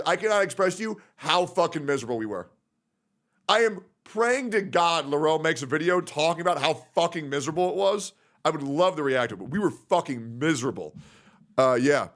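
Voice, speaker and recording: Male streamer, higher-pitched voice, loose and sweary, emotional as he reads friends' notes. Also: a bit bright. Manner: profane, rambling and openly emotional. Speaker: livestreamer. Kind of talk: casual stream chat.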